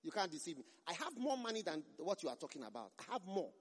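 High, husky preacher in reverb. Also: male voice, very animated, fast. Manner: emphatic, repeats phrases for force. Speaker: pastor. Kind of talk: sermon. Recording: long reverb in a large hall.

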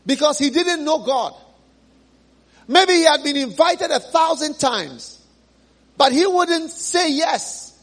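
A man's voice: very high voice, a bit bright. A man preaching a sermon in a church, retelling a story with dramatic exclamations.

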